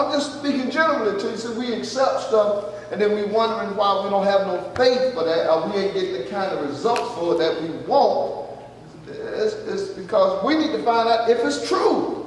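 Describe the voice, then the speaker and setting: A man's voice: high-pitched, moderate pace, slight background noise. A man preaching a folksy sermon and asking his congregation questions. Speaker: pastor. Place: church hall. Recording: echoey church hall from far off.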